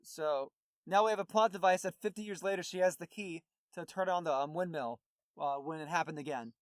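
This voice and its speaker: A man's voice: on the high side, brisk, no room sound, clean studio sound. A man co-hosting a podcast, recapping a movie in a rambling, casual way with many fillers and restarts. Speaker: podcast co-host.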